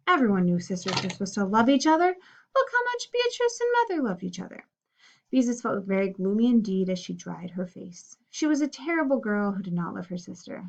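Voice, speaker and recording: A woman reading a children's story aloud in an expressive, animated way. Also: fairly high pitch, vocal fry. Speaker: reader. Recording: dull lo-fi recording.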